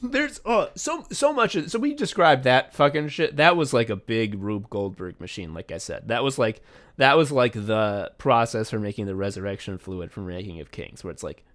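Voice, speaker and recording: Laughing, animated male podcast host. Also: lowish voice, moderate pace. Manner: animated, laughing storyteller, swears freely. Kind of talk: casual chat.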